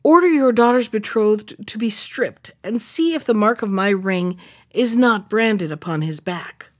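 A woman's voice: mid-range voice, a little slow, close to an everyday voice. Confident young fairy tale prince, polite but firm, a lady doing him. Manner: confident, courteous.

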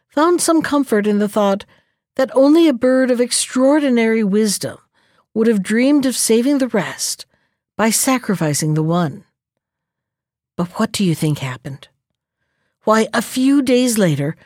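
A woman storyteller reading a folktale aloud in a gentle, expressive way. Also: mid-range voice, no room sound, clean studio sound.

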